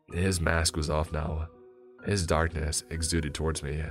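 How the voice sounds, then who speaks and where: Male narrator, extremely low voice, steady first-person storytelling, soft background music. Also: measured pace.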